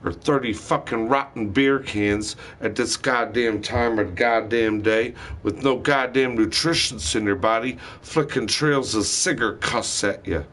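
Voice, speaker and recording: A man's voice: mid-range voice, a little slow, few pauses, a bit bright. Heated man ranting, swearing hard. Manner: heated, profane, accusatory ranting. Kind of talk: rambling angry monologue.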